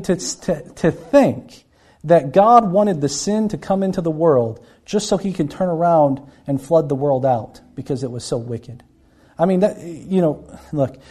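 A man's voice: on the high side, darkish tone, husky. A man preaching a Bible-teaching sermon, earnest and often repeating words as he acts out the people he quotes.

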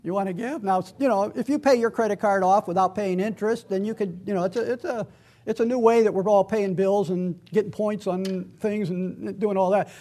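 High-pitched guy preaching, chatty bible study style, stretches out the verses he quotes. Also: fairly even intonation, warm tone. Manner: conversational, with frequent restarts and slow emphatic verse readings. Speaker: pastor.

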